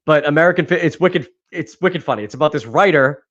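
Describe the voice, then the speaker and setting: A man's voice: fairly high pitch, fast talker, a bit bright. Rambling New man, lo-fi mic. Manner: rambling, laughs often, swears casually. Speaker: podcast host. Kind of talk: casual chat. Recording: dull lo-fi sound.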